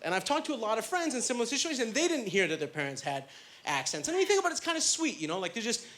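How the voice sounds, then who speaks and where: A man in his thirties from Canada doing a stand-up comedy set, telling chatty, self-deprecating stories full of fillers. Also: high voice. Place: comedy club stage with a live audience. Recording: live club recording with loud crowd laughter.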